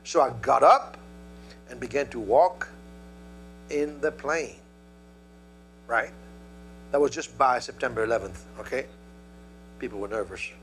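A male preacher delivering a sermon, telling a story and calling out to the congregation in an animated way. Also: mid-range voice, measured pace, pauses often, soft background music.

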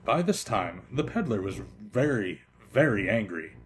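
A man hosting a podcast, reading a children's picture book aloud in an expressive way that slows down for effect. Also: on the low side. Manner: expressive, lively, slowing for effect.

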